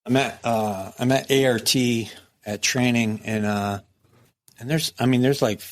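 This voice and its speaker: A man's voice: medium pitch, measured pace. A middle-aged man with an ordinary mid-range voice tells stories in a casual interview. He is blunt and swears freely. He acts out other people's lines as he goes. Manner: blunt, profane, lively storyteller who acts out quotes. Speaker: guest, former prison captain.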